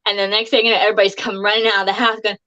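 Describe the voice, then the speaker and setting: A woman's voice: medium pitch, level tone, racing, sharp tone. A woman guest actress on a live stream, telling chatty anecdotes in casual conversation and laughing often. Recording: dull lo-fi stream audio.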